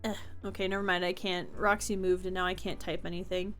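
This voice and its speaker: A woman's voice: fairly low pitch, level tone, fairly quick, a bit bright, soft background music. A young woman streamer chatting casually with her chat from home, answering comments and laughing often.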